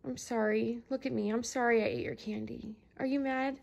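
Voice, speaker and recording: A young woman talking as a mother in a casual home video, softly coaxing and gently repeating her questions. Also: a little high, steady tone, moderate pace, creaky.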